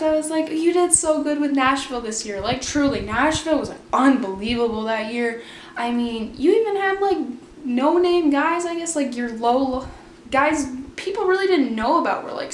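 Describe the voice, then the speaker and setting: A young woman telling a story in a casual, chatty way, with lots of fillers and quotes acted out in a higher voice. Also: reverberant, a little hiss or hum. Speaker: vlogger.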